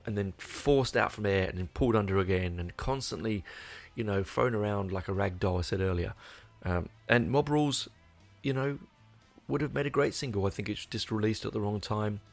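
A man casually reviewing a record, rambling and swearing with plenty of restarts and enthusiasm. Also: fairly low pitch. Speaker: album reviewer. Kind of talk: casual spoken album review.

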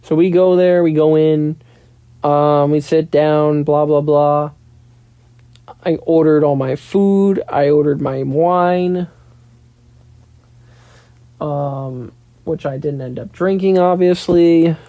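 Young solo podcaster spinning a loose, profane anecdote, with a warm low tone and a dry booth sound. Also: takes it slowly, pauses often, no room sound. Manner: rambling, profane, filler "blah, blah, blah". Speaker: podcast host and pilot in training. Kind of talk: casual solo storytelling monologue.

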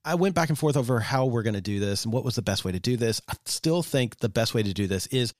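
A man's voice: medium pitch, animated, darkish tone, no echo, studio quality. Joking American man on a podcast. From United States. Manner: playful, joking, halting with fillers. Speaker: podcast co-host. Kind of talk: casual podcast chat.

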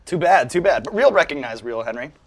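A man's voice: fairly high pitch, lively intonation, quick pace. A man hosting an interview show, reading out quotes to his guest and chatting in an upbeat way. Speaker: show host.

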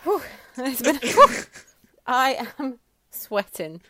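A woman's voice: high-pitched, very animated, slow pace. A woman co-hosting a podcast, giggly and easily flustered in casual chat. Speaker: podcast co-host.

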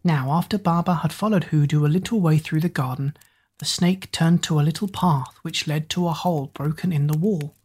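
A woman reads a bedtime story aloud in a gentle, unhurried way. Her voice sits low, mellow and warm, with a breathy edge.

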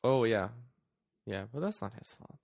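A man's voice: medium pitch, very animated, moderate pace, vocal fry, a little mellow. A man co-hosting a podcast who chats casually and drops short, dry comments and agreements. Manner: dry, brief agreeing asides. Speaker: podcast co-host. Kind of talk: casual movie review chat.

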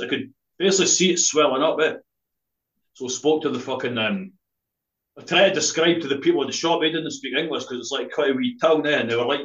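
A man's voice: medium pitch, fairly bright tone. Sweary Scottish man telling a story. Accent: Scottish, Dundee. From Scotland. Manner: rambling, laughing, heavy swearing, tag "eh?". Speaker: spoken word poet guest. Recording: roomy, slightly dull podcast audio.

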